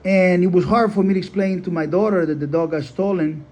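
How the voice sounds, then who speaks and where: A man's voice: sits high, fairly quick, a little mellow. A man who breeds dogs tells a story in casual talk. He rambles, leans on "you know", and speaks bluntly with some swearing. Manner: rambling, filler-heavy, blunt and profane. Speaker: dog breeder.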